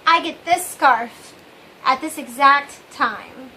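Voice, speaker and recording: A woman with a high, sharply bright voice talks through a casual confessional vlog. She rambles and speaks candidly to her viewers, trailing off and undercutting herself with wry asides. A faint room hum sits behind her. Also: takes it slowly, low-quality recording. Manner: rambling and candid, often trailing off with "I don't know"; wry, with self-mocking asides. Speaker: vlog host.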